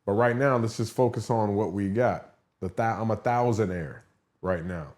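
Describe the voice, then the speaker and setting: A man's voice: fairly low pitch, normal speed. Candid man telling stories on a podcast. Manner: candid, animated storyteller. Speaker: podcast host. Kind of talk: casual podcast chat.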